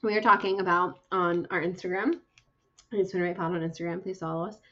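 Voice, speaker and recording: A young woman co-hosting a casual book podcast, retelling chapters in a chatty, lively way with lots of fillers. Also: fairly low pitch, a little fast, muffled recording. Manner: chatty, animated storytelling with fillers. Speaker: podcast co-host.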